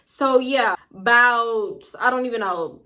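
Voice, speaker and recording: A woman casually telling a personal story to her viewers, candid and animated, with frequent asides. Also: on the high side, takes it slowly. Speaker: storytime vlogger.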